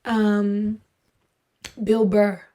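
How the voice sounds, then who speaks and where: A woman's voice: medium pitch, extremely slow. A woman hosting a podcast, telling a story in a casual, jokey way, acting out what people said and filling with lots of "like". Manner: animated, jokey, full of fillers and voiced-out quotes. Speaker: podcast host.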